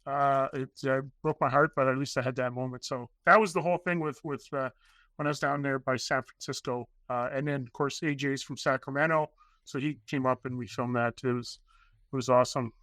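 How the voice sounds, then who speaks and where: A man guesting on a podcast, telling long excited stories in a rambling way and acting out the voices of people he quotes. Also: mid-range voice, a little fast, no room sound. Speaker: podcast guest, documentary filmmaker. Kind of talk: casual interview storytelling.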